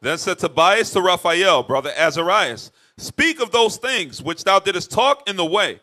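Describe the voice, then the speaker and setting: A man reading old scripture verses aloud at a steady, plain pace. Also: sits high, unhurried. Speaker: scripture reader.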